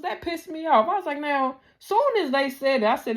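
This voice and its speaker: A woman hosting a casual TV recap, ranting with heated, profane rhetorical questions and big swings in pitch and loudness. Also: animated, fairly quick. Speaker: TV recap host.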